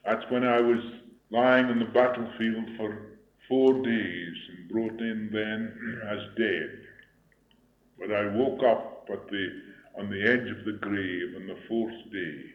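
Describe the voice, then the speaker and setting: An older man preaching and telling a personal story in a solemn, measured way, with a troubled throat that he clears now and then. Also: fairly low pitch, fairly even intonation. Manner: solemn, measured, deliberate delivery. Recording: dull lo-fi recording in an echoey room.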